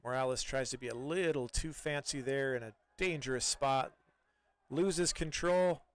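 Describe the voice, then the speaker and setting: A man doing live play-by-play soccer commentary in a relaxed, chatty way, with many fillers and restarts. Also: mid-range voice, moderate pace.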